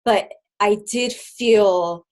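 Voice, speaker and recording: A middle-aged woman telling her own story as an interview guest, halting, with many fillers and restarts, dropping very quiet at hard moments. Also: mid-range voice, poor audio. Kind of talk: personal testimony in an interview.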